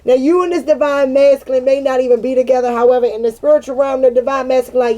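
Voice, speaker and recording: A woman giving a casual, animated tarot reading, swearing freely and breaking into sassy asides as she voices the cards. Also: high voice, quick pace, lo-fi sound. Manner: chatty and animated, swears freely and laughs often. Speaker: tarot card reader.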